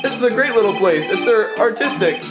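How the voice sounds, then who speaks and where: Brief: man playing a high, brash, whiny lovesick young man over loud game music. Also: animated, fairly quick. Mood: boastful.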